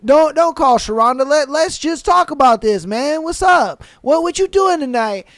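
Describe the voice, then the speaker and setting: Brief: a drunk, pushy young guy whining on a call, put on by a man, high and dry. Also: expressive, moderate pace, no echo. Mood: pleading. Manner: whiny, pushy, loud. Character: drunk rowdy male passenger pleading on a call.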